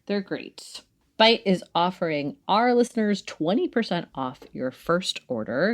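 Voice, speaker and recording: A woman's voice: fairly low pitch, sing-song, measured pace. A woman podcast co-host doing a casual, joking host-read ad and laughing often.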